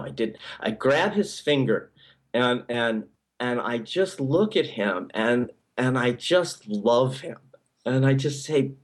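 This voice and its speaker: Man preaching in an animated, conversational way. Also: medium pitch. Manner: conversational preaching with frequent restarts and "okay?" check-ins. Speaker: pastor. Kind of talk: sermon.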